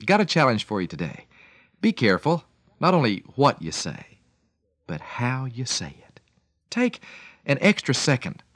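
Male radio devotional speaker, storytelling with big pitch swings, dry close mic. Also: measured pace, long pauses, no echo. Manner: storytelling, warm emphatic delivery with lively swings and chuckles.

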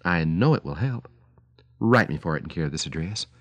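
Man doing a radio sermon, low voice, swings up and down a lot, super dry close mic, pleading with parents. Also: lively intonation, fairly quick, a bit bright, no room sound. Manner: earnest, pleading, storytelling. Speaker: radio preacher.

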